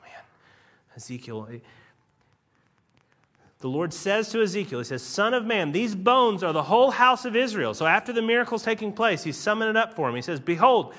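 A male pastor preaching a sermon in an emphatic, dramatic manner, swinging between loud stresses and quiet asides. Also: high voice.

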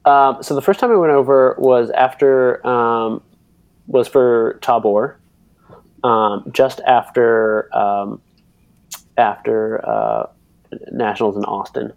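A man's voice: mid-range voice, fairly even intonation, takes it slowly, vocal fry, dry recording, poor audio. Guy rambling through a bike racing story, lots of um and like, dry close sound. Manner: rambling, many fillers, acts out others' voices. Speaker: interview guest, bike racer and mechanic. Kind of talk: casual storytelling.

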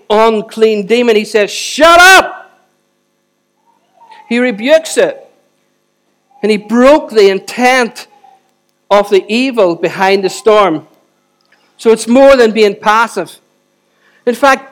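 High-voiced pastor preaching with fervor. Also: male voice. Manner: animated, self-deprecating asides, builds to forceful emphasis. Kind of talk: sermon with prayer.

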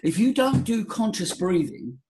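A man talking as a voice coach guest in a podcast interview, leading a breathing exercise in a theatrical, animated way. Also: measured pace, slight background noise. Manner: animated, theatrical, jumps high for emphasis.

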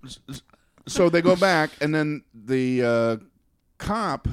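Man telling a story, lively pitch. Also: smooth, no room sound, clean studio sound. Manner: halting, repeats words, laughs through the story. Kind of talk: casual anecdote.

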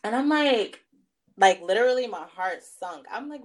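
A woman fashion stylist, a guest in a casual interview, telling a story in an animated way, acting out quotes with many fillers. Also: mid-range voice, normal speed. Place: New York area.

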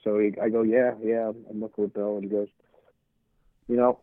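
Speaking at normal speed with long pauses, a middle-aged man with a somewhat low voice tells casual stories as an interview guest. He rambles, repeats words, and acts out old exchanges, and the dry recording sounds tinny, like a phone.

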